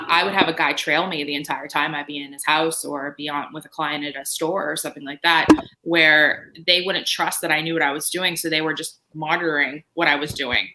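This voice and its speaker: A woman speaking on a panel, telling animated stories about her security work. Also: low voice, background noise. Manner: animated storytelling, quoting herself and others. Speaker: guest panelist. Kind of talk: panel discussion.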